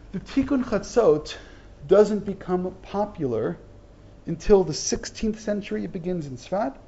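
With a high, warm voice touched by vocal fry, a middle-aged man teaches a text-study lesson, reading Hebrew aloud and translating it line by line. He explains with earnest care but repeatedly stumbles and restarts. Slight background noise sits under the dull lo-fi sound.

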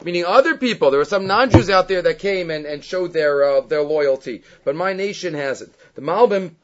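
A man with a high voice teaches a scripture lesson and works Hebrew terms into his English explanation. He acts out the lines he quotes with animation. The recording is dull and lo-fi. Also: lively intonation, normal speed. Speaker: Torah teacher.

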